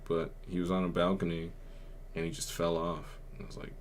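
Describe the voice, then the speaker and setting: Low-voiced young man telling a rambling story. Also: completely flat delivery, brisk, a little hiss or hum. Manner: rambling, heavy filler words, subdued. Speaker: podcast host. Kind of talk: casual storytelling.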